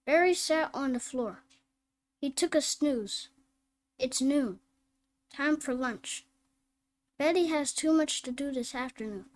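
A woman reading phonics drills and simple sentences aloud, slow and deliberate, word by word. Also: high-pitched. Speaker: phonics teacher.

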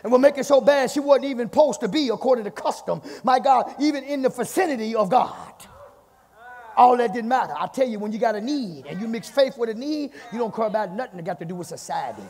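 Male pastor, very high voice, gravelly fry, lively swoops, long church reverb. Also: fast. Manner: preaching with constant "my God" refrains, swinging between shouts and hushed lines. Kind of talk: fiery church sermon. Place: church sanctuary.

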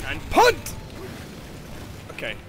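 A man giving casual gameplay commentary, excitable, often laughing and shouting at near misses. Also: slow pace. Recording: game music playing loudly underneath.

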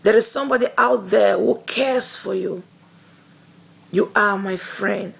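A woman evangelist speaks an encouraging devotional message straight to her viewers. Her voice is husky and deeply gravelly, full of rough fry. She talks very slowly and earnestly, repeating words and pausing on fillers.

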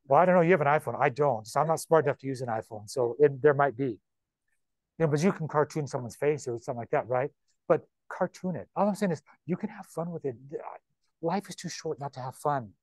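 A man, a real estate broker, giving an informal training talk to agents in a chatty, animated way, with quick repeats and asides. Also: mid-range voice, no echo.

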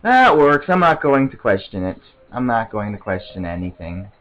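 A man giving casual, excitable gameplay commentary, rambling to himself and often stammering over restarts. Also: lowish voice, moderate pace, muffled recording. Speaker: let's play commentator.

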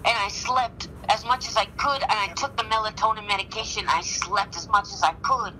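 A woman's voice: mid-range voice, fairly even intonation, a little fast, pushed and bright, a little hiss or hum. A young woman on a phone call, rambling and scattered, swearing and apologizing as she talks. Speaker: caller.

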